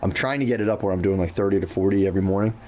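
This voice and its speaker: Low-voiced man in profane casual chat. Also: very fast, dark tone, slight background noise. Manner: loose and profane, says "dude" often, acts out his own inner voice. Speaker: podcast co-host.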